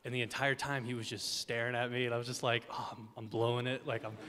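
A man, an airman on an award panel, telling an animated personal story and quoting the people in it. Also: mid-range voice, fast. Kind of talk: personal story told on stage. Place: symposium hall on stage. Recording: reverberant auditorium.

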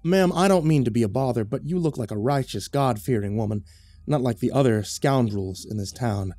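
A man playing a pious, flattering southern gentleman with a thick put-on drawl, sounding earnest. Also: medium pitch, normal speed, dry recording, soft background music, lightly acted. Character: smooth-talking fake southern preacher-type gentleman.

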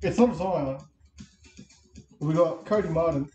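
An Australian man co-hosts a card break, calling out names and laughing along. His voice is high yet soft and dark in tone. The room around him echoes. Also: unhurried, recorded from a distance, lo-fi sound, faint music behind. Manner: laughs often, reads names off. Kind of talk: calling out cards in banter.

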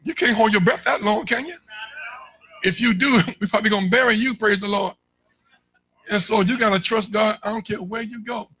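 A male pastor preaching a lively call-and-response sermon in a church, rising into shouts at his peaks. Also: high-pitched, fairly quick, husky, poor audio. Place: church sanctuary.

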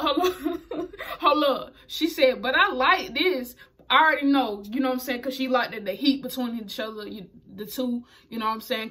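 High-voiced woman in a slangy recap. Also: fairly bright tone. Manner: slangy, chatty, quick to laugh. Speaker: wrestling show reviewer. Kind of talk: casual video recap.

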